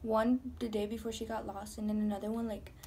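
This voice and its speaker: A woman's voice: fairly high pitch, flat delivery, brisk, very noisy. A young woman chatting candidly and rambling while doing her makeup for a vlog. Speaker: beauty vlogger. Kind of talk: casual get-ready-with-me chat. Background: music.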